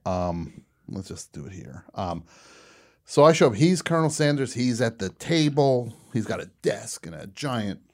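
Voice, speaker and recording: A man hosting a radio show, telling a comic story in a casual, animated way and laughing at his own punchlines. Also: fairly low pitch.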